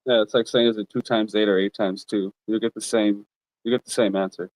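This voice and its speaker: Low-voiced joking male co-host. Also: steady tone, brisk, a little mellow, dry recording, poor audio. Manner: short laughing interjections, crude jokes. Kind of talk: casual live-stream banter.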